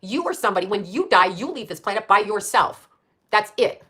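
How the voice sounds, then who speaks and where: A woman in her late fifties talks fast and bluntly on her own channel. She is profane and combative, rambling from one jab to the next and laughing at her own insults. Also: medium pitch, lively intonation, pushed and bright, slightly rough. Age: late 50s. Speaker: channel host. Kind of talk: casual live-stream rant.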